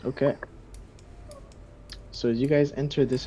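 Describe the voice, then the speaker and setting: A man narrating as game master for friends, exasperated and quick to swear and laugh. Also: medium pitch, fairly even intonation, a little hiss or hum.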